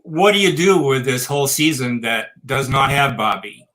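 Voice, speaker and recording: A man with a mid-range, bright and forceful voice, explaining things in a reunion chat. He talks in a measured, plain way. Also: medium pitch, expressive, rough recording. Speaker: guest actor. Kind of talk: casual explanation.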